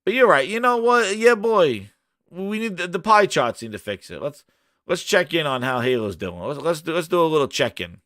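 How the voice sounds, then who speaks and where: Animated high-voiced man ranting. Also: normal speed, no echo, clean studio sound. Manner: animated, mocking, shouts high-pitched "who this?". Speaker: gaming channel host. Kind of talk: ranting show reaction.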